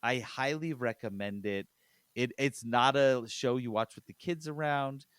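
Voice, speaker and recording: A man's voice: medium pitch, unhurried, a bit bright, clean tone, no room sound. Chatty man hosting, dry close sound. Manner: chatty, laughs while retelling scenes. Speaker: podcast host. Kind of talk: casual chat.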